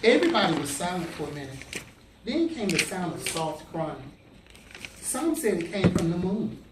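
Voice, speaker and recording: A man reads a storybook aloud to his students, animated and playful, and pauses often to quiz them. He is captured from the back of an echoey classroom, with clear background noise. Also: high voice, recorded from a distance. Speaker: teacher.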